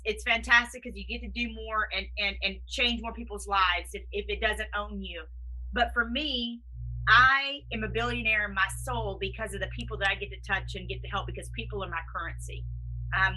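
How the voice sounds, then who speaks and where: A woman's voice: mid-range voice, bright, forceful tone, poor audio. A woman hosting an interview podcast, talking in an effusive, encouraging way and asking her guest questions. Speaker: podcast host. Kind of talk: conversational interview.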